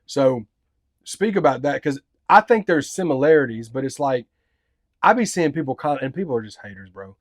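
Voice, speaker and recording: A man's voice: medium pitch, expressive, moderate pace, dry recording, studio quality. A man hosting a casual interview, hyped and full of slang. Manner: hyped, slangy, says bro and dude a lot. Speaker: podcast host.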